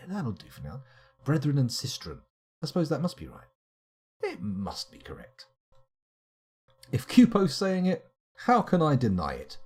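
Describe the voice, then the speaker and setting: A man's voice: mid-range voice, warm tone, husky. A man streaming live, rambling wryly to himself as he plays. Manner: rambling, muttering to himself, wry asides. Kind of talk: live game commentary.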